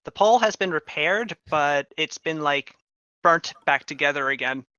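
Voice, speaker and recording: A man narrating a tabletop game as game master, slow and deliberate. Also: on the high side, lively intonation, pushed and bright, clean tone, no room sound, dull audio.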